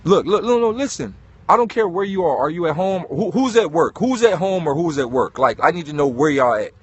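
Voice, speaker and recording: A man giving an animated, preachy motivational talk, swearing and calling listeners dog. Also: a little high, fairly quick, breathy edge, muffled recording. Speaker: host.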